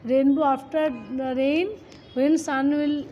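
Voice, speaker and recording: A woman teacher, reading a children's poem aloud and then explaining it step by step, often pausing to address the children. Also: sits high, darkish tone, lo-fi sound, soft background music. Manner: reads slowly, then explains step by step with frequent "okay" and "children". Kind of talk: classroom poem lesson.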